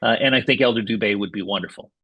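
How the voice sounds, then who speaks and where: A man co-hosting a podcast in casual chat, earnest and enthusiastic, halting with fillers. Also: fairly low pitch, fairly bright tone, breathy edge, no room sound. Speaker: podcast co-host.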